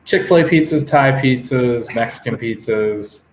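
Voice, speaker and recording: A man's voice: mid-range voice, normal speed, slight background noise. A man co-hosting a podcast, chatting casually in an upbeat, playful way. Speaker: podcast co-host. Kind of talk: casual chat.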